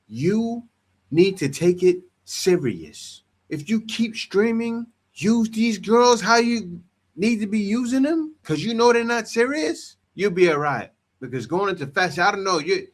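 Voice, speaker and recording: Guy reacting to clips, kinda high voice, blunt, just says what he thinks. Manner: blunt, gives direct advice. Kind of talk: reaction commentary.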